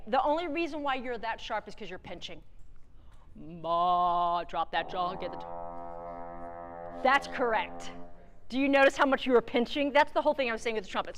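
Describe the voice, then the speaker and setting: A woman's voice: sits high, fairly bright tone. Encouraging woman conducting a band rehearsal. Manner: encouraging, direct, sings phrases to demonstrate. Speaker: guest conductor. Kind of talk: wind band rehearsal clinic. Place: large theatre stage. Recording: long hall reverb from a theatre.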